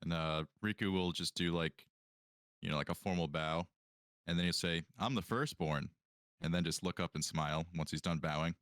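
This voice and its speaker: A man's voice: low-pitched, level tone, fairly quick, a bit bright, smooth, no room sound, clean studio sound. A man playing a tabletop game, describing his character in a casual, hesitant way. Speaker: player.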